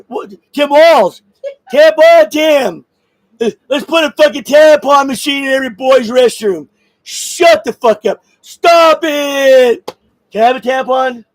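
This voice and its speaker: A man with a strikingly high voice delivers a profane political rant, swinging between angry shouts and laughs. His voice sounds close and dry, with no room around it. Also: no room sound, rough recording. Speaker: vlogger.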